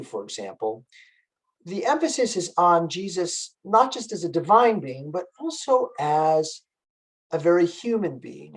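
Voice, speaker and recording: A man gives a lecture over a video call, his voice sitting a little high for a man. He explains patiently and methodically, often pausing with fillers as he gathers his thoughts. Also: poor audio. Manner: explanatory, measured, with frequent fillers. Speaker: music lecturer. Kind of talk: online lecture.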